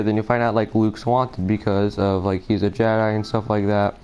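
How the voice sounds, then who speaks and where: A man's voice: lowish voice, fairly even intonation, fast, darkish tone, smooth, dull audio. A man talking through a theory while playing a shooter game, hesitant and distracted, with many fillers and restarts. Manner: distracted, nervous, apologetic. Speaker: gaming video creator.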